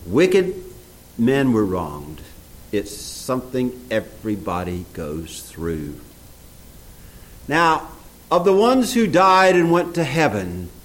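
A man preaching to his congregation, his voice rising and falling with lively pitch. He reads old scripture aloud and breaks off to quiz the listeners. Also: low-quality recording. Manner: animated, reads scripture aloud in old English, asks the audience questions. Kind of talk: sermon with Bible readings.

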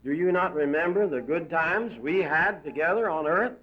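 A man's voice: fairly high pitch, normal speed, natural voice. A man voicing a gloating male demon who mocks and taunts a damned soul. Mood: mocking. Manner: mocking, shrieking, cackling. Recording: dull lo-fi recording.

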